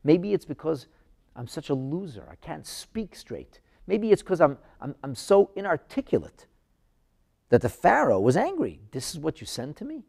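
A man playing an anguished prophet crying out to heaven in exasperated bursts. His voice is high and swings wildly, with a gravelly edge. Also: sing-song, moderate pace, darkish tone, heavily acted. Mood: self-doubting. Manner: pleading, exasperated outbursts. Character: anguished male prophet pleading with God.

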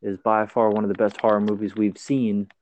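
A man's voice: fairly low pitch, flat delivery, a little fast, darkish tone, dull audio. A man co-hosting a casual movie chat, with wry, sarcastic asides. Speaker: podcast co-host.

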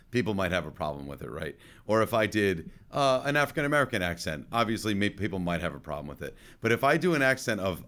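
A man's voice: fairly low pitch, a bit bright. A man hosting a casual movie podcast, telling a rambling story with jokey asides. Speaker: podcast host. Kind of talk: casual chat.

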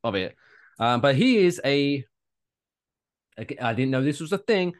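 A man co-hosts a casual comedy podcast, talking with a lively, swooping pitch that rises and falls a lot. He swears freely and rants in mock outrage, playing up his bits. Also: measured pace. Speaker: podcast co-host.

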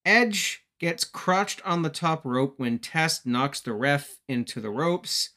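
A man's voice: on the high side, slow, bright, forceful tone. A man from Canada giving a joking, casual wrestling recap as a podcast host. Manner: joking, chatty.

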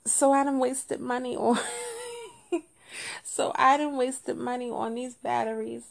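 A woman hosting a podcast, telling a story in casual chat with lots of repetition, jumping between low muttering and high, indignant exclaims. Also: level tone, a little slow, gravelly, faint music behind. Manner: colloquial, repeats phrases. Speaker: podcast host.

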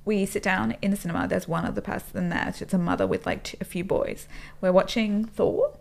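A woman co-hosts a casual podcast, telling stories frankly and swearing now and then. Her voice sits mid-range with a gravelly fry running through it. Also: mid-range voice, sing-song, fairly quick, a little mellow. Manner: candid, swearing, storytelling. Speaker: podcast co-host. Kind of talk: casual chat.

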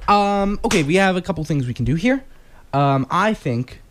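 A man's voice: high voice, expressive, normal speed. A young man from New Jersey hosting a late-night college radio show, rambling and joking and correcting himself as he goes. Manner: rambling, self-correcting, jokey.

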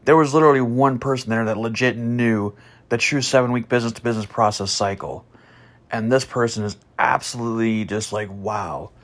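A man telling a story about a past job as a podcast host, blunt and profane, starting slow and soft, then growing loud and heated. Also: medium pitch. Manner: slow and soft at first, growing louder and animated. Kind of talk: casual storytelling monologue.

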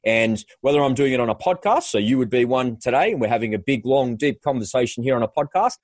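A man hosting a podcast, chatting casually in quick bursts with frequent restarts. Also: mid-range voice, expressive, no room sound. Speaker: podcast host. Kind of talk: casual conversational chat.

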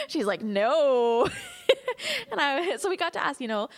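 A woman leading a church class, telling a lively story with frequent laughs and then praying aloud. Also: very high-pitched, a little slow. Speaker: class leader. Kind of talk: church class talk and prayer.

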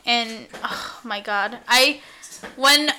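A woman's voice: a little high, extremely slow, sharp tone, a little hiss or hum. A woman co-hosting a casual recap chat, emphatic and sweary, retelling scenes in quoted voices. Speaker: podcast co-host.

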